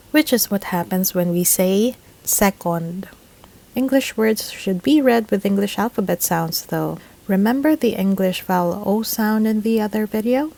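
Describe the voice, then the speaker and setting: Woman, English teacher, unhurried scripted delivery, drills each word over and over. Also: medium pitch, a little mellow, rough recording. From Philippines. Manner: slow, deliberate, repeats each word several times. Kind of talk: scripted instructional narration.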